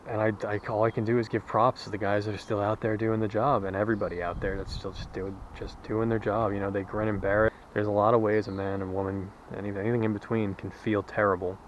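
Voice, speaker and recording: A man's voice: on the low side, flat delivery, fast, few pauses, dull audio, slight background noise. A man vlogging while out walking, rambling candidly in a casual monologue and swearing freely. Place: outdoors, walking.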